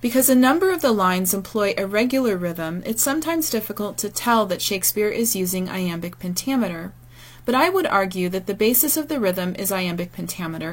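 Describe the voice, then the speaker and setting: A woman speaks in a calm, measured lecturing voice as she walks through slides. She explains step by step and now and then pauses on a filler. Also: mid-range voice. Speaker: teacher. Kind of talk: recorded lecture over slides.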